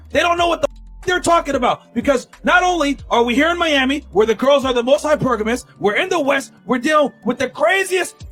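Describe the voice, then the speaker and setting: A man hosting a podcast, shouting a fired-up, preachy rant. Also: very high-pitched. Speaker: podcast host. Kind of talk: ranting podcast talk.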